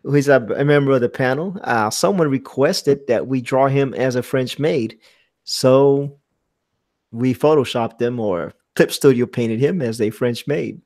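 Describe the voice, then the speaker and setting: A man's voice: mid-range voice, a little slow, darkish tone. A man hosting a casual live stream, reading viewer comments aloud and laughing often. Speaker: host of a live art hangout.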